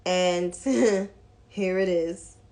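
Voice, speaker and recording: A woman's voice: fairly low pitch, very slow, a little mellow. A woman giving casual political commentary in a blunt, profane, mocking way.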